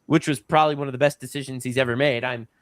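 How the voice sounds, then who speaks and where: A man's voice: mid-range voice, steady tone, rapid-fire, a bit bright, no echo. A man hosting a podcast, talking casually in a rambling, sarcastic way with many fillers. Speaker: podcast host.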